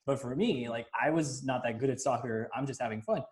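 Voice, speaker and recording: Animated young man telling stories. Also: medium pitch, a little fast. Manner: animated, acts out quotes, laughs often. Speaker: podcast host. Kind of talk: casual conversation.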